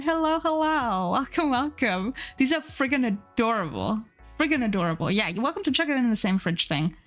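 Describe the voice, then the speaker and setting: Gushing, excitable young woman streamer. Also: a little high. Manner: gushing, excitable, swears casually. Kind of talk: casual live stream chat.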